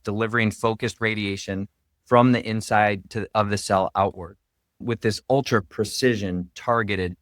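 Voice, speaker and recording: A man's voice: on the low side, a bit bright, dry recording, studio quality. A man, a radiation oncologist, explaining his work in an earnest, step-by-step way as a podcast guest. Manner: earnest, explanatory, heavy on "really" fillers. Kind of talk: interview podcast conversation.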